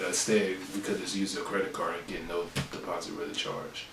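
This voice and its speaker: Low-voiced man talking off-mic. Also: level tone, fairly quick, gravelly, far from the mic. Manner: laid-back, chimes in with side remarks. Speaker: podcast co-host. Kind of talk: casual chat. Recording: off-mic in an echoey room, faint noise.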